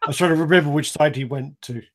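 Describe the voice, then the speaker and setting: A man's voice: on the high side, quick pace, noisy background. A man hosting a casual live stream chat, rambling, swearing freely and laughing often.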